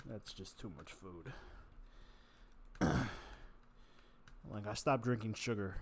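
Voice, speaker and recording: A man's voice: on the low side, moderate pace, long pauses. A man vlogging while he eats, rambling casually, cursing and poking fun at himself. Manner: self-mocking, profane, chatty.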